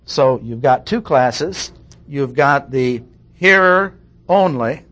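A man delivers a verse-by-verse sermon at a middle pitch. He reads scripture aloud and stresses key words with steady emphasis, like a teaching pastor walking a congregation through a passage. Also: slow. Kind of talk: expository sermon.

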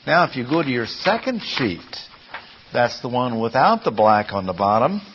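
A man's voice: medium pitch, very animated, moderate pace, fairly bright tone, dull audio, a little hiss or hum. A man teaching a class on Bible Greek, explaining patiently step by step and putting questions to his listeners. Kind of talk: classroom lecture.

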